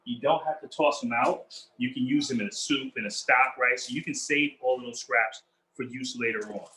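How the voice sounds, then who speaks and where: A man's voice: mid-range voice, moderate pace, bright, forceful tone, slight background noise, rough recording. A man hosting a cooking demonstration in a kitchen, upbeat and chatty, talking straight to his viewers. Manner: upbeat, chatty, addresses viewers as y'all and family. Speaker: chef hosting a cooking demo.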